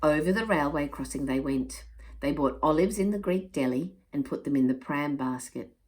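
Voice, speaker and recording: A woman reading a children's picture book aloud in an expressive, measured way. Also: low voice. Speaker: storyteller.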